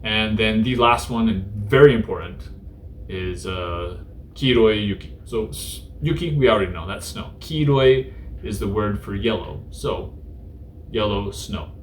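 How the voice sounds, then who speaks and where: A man's voice: on the low side, a little slow, a little hiss or hum. A man hosting a casual Japanese vocabulary lesson, talking in a laid-back, joking way with many fillers. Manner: joking, irreverent. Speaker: host teaching Japanese through news.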